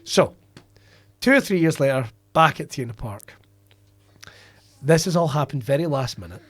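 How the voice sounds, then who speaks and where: A Scottish comedian telling a rambling, sweary anecdote in a casual podcast chat. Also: male voice, on the high side, animated, normal speed, no echo. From Scotland. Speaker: comedian guest.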